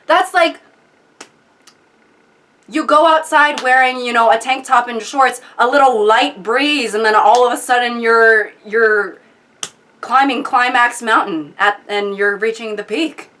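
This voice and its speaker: A young adult woman hosting a comedic commentary video, sarcastic, animated and exasperated. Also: a little high, a little slow. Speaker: video host.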